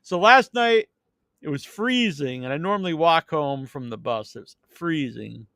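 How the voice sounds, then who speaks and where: Rambling higher-voiced man telling stories. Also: animated, measured pace, sharp tone, no room sound, clean studio sound. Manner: rambling anecdotes with many restarts. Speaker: podcast host. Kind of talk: casual chat, storytelling.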